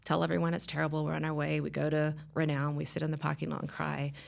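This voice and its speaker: Gravelly low-voiced woman telling her story. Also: quick pace. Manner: animated storytelling, acting out voices in quotes. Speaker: guest sharing her story. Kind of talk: emotional personal testimony.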